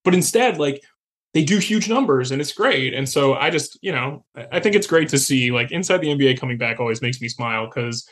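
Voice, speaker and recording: A man co-hosting a sports podcast in easygoing chat. He talks in a loose, rambling way, full of fillers and quick restarts, with a voice of ordinary middle pitch. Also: expressive, a bit bright. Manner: chatty, frequent fillers and restarts. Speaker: podcast co-host.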